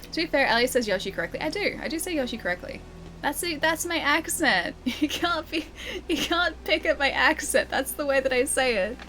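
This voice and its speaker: A woman's voice: sits high, fairly bright tone. Chatty Australian woman streamer. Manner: chatty, giggly, reads chat aloud. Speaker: livestreamer. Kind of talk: casual chat while gaming.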